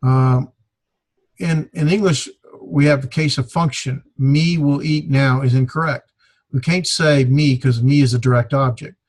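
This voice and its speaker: A man teaching a Greek grammar class, explaining in a halting way with many fillers. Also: mid-range voice. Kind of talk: classroom lecture.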